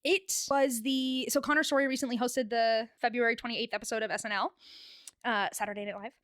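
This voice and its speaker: Woman, co-host, high-pitched, rambling, giggly, dry close sound. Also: steady tone, fairly quick, fairly bright tone, no echo. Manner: rambling, giggly storytelling with many fillers. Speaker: podcast co-host. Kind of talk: casual chat.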